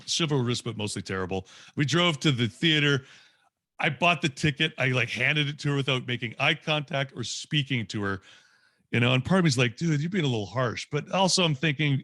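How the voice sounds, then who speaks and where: A man's voice: medium pitch, bright, forceful tone, no room sound, studio quality. A man in his late forties tells a candid, self-mocking personal story to a group over a video call. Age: 40s. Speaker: guest speaker.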